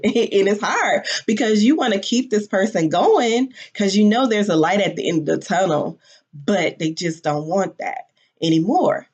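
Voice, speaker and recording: A woman's voice: on the low side, a little mellow, breathy edge. A woman in her forties telling a personal story candidly and emotionally, with casual swearing. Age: 40s. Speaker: business founder. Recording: dull lo-fi audio.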